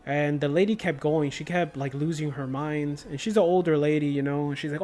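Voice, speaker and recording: A man's voice: a little high, normal speed, a little mellow, faint music behind. Laid-back young man telling stories. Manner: laid-back storytelling with slang. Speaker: livestreamer. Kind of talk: casual chat while gaming.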